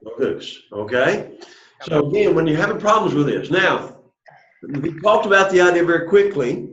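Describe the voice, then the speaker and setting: A man teaching a classroom lesson in introductory Greek prays first, then patiently drills his students. His slightly high voice is animated and fairly bright at normal speed, captured in an echoey room with dull lo-fi quality.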